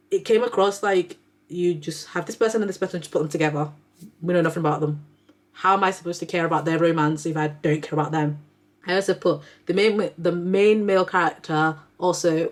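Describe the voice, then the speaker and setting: A woman's voice: deep voice, a little mellow. A young adult woman chatting casually about books she read, rambling and filling her talk with "like". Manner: chatty, rambling, heavy use of "like" fillers. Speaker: book reviewer, neonatal nurse. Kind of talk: casual book review chat.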